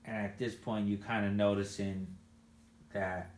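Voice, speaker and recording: A man interviewing a father he worked with, asking gentle leading questions with frequent restarts. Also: on the low side, level tone, measured pace, roomy sound, slight background noise. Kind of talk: casual interview.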